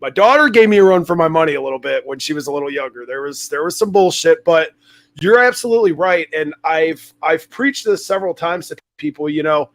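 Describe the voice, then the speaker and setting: A man's voice: on the high side, lively intonation, brisk, a bit bright, dry recording. A man in his forties hosting a podcast, talking frankly and conversationally and swearing freely. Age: 40s. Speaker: podcast host. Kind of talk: casual interview talk.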